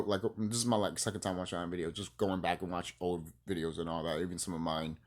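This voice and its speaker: A man from the United States ranting on his vlog in a heated, profane, preachy and rambling way. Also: medium pitch. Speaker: vlogger. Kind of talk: unscripted rant to camera.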